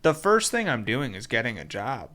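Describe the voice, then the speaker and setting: A man's voice: medium pitch, wildly swooping pitch, normal speed, sharp tone. A young adult man co-hosting a casual podcast chat, talking in a loose, profane, emphatic way. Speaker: podcast co-host.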